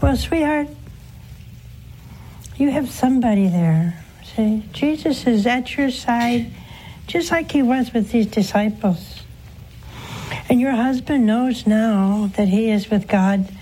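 A nun hosting a call-in show, preaching and answering callers in a slow, earnest way, swooping up in pitch for emphasis. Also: female voice, dark tone, a little hiss or hum, poor audio.

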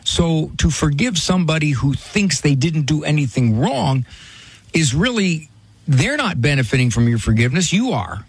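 Man, radio call-in host, lively folksy delivery, gravelly voice. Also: fairly high pitch, moderate pace. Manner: folksy and pastoral, repeats phone number. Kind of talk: casual call-in radio talk.

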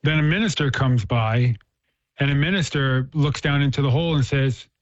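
A man's voice: medium pitch, moderate pace, no room sound. A man in casual conversation, earnestly telling a parable and explaining ideas, often restarting his phrases and acting out the quoted lines. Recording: dull dry lo-fi sound.

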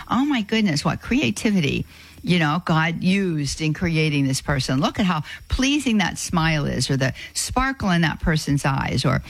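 A woman hosting a call-in radio show, effusive and quick to call things beautiful. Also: low-pitched, low-quality recording.

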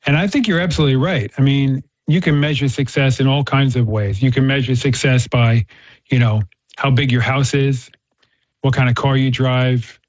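A man's voice: medium pitch, no echo. A man talking earnestly about faith and telling a story, often repeating words as he restarts. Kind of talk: casual faith-based chat with storytelling. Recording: dull, slightly muffled sound.

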